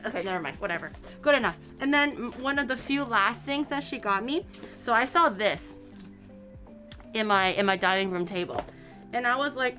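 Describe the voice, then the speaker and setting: A young woman chats loosely on her stream, rambling from one thing to the next and swearing as she goes. Her voice sits a little high. Soft music plays faintly under her talk. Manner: rambling, chatty, swearing, with laughs. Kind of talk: casual chat.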